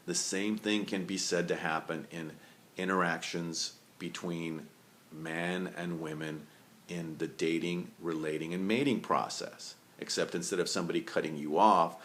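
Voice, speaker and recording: Deep-voiced man coaching on relationships. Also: fairly bright tone. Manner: lists points in long run-on sequences with fillers. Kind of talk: solo teaching talk.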